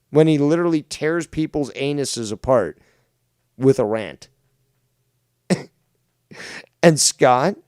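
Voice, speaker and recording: A man's voice: on the high side, clean tone, dry recording, clean studio sound. A man hosting a livestream, ranting at a rival in a mocking, profane, rambling way. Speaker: livestream host. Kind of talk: casual commentary rant.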